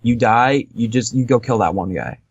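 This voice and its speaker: A man's voice: mid-range voice, animated, normal speed, husky, no room sound, muffled recording. A man co-hosting a podcast, casually rambling through a game review with lots of fillers and easy laughs. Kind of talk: casual chat.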